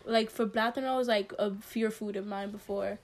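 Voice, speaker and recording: A woman's voice: medium pitch, fairly even intonation, normal speed. A young woman chatting casually, playful and giggly. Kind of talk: casual chat.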